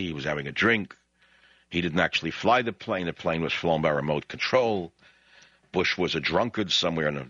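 A deep-voiced man with a New York accent delivers an opinionated talk radio monologue. His tone is forceful and his pitch leaps around as he rants sarcastically. The audio is dry and dull, with a lo-fi broadcast sound. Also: dry recording. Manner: ranting, sarcastic, with sudden rising outbursts. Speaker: radio talk show host.

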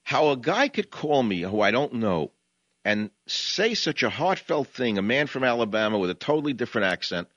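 A man's voice: medium pitch, sing-song, moderate pace, fairly bright tone, dry recording, dull audio. A man from New York with a New York accent, hosting a talk radio show in an impassioned, combative way. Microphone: studio microphone, dry.

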